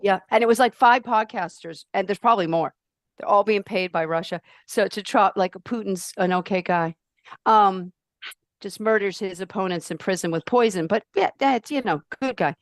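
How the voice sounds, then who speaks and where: A woman's voice: normal speed, no room sound. Outspoken emphatic woman, dry close mic. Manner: emphatic, outspoken, animated ranting with swings in pitch. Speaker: podcast guest, life purpose coach. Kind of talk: casual podcast conversation.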